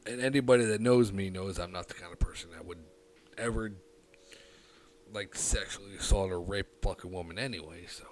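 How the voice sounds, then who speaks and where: A man hosting a livestream, telling a long personal anecdote in a loose, profane, rambling way full of fillers, dropping quiet then getting loud. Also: sits low, a little fast, a little hiss or hum. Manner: animated, swings between hushed and loud. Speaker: livestream host. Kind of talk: casual livestream storytelling.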